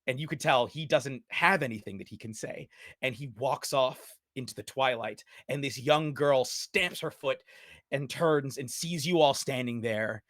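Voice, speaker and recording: A man narrating a tabletop game as game master, slow and dramatic, dropping low and pausing for ominous moments. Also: fairly bright tone, no room sound, clean studio sound.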